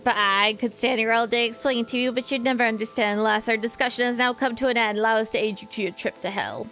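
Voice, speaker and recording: A woman's voice: fairly high pitch, fairly even intonation, quick pace, fairly bright tone, soft background music. A woman reading the part of a stern old male sage in a game, lecturing his captors. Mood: defiant.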